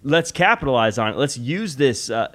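A man co-hosting a casual podcast chat, laying out his points in a measured, analytical way with some self-deprecating humor. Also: mid-range voice, lively intonation, a bit bright. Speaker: podcast co-host.

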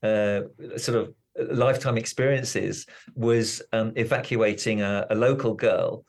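A man's voice: fairly low pitch, vocal fry. Plain-spoken older man telling stories. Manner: plain-spoken storyteller, halting restarts. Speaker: guest doctor. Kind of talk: casual interview chat.

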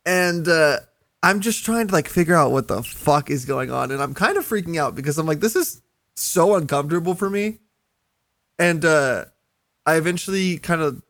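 Young male podcast co-host, animated storyteller, voice a little high, no room echo. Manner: animated, swearing, laughing through a story. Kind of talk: casual storytelling.

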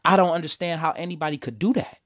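A man's voice: fairly high pitch, quick pace, fairly bright tone, no echo, clean studio sound. A young man telling a personal story, emotional and preachy. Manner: emotional, preachy, repeats "see, the thing is".

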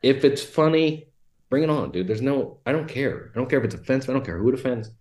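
A man talking as a podcast guest, telling blunt, animated stories with lots of fillers. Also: medium pitch, quick pace, reverberant. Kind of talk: casual storytelling chat.

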